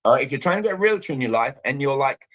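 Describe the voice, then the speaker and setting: A man's voice: medium pitch, lively intonation, rapid-fire, fairly bright tone. A British man giving an emphatic coaching talk on a live show over a video call, punctuating points with "all right". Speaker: communication coach, guest.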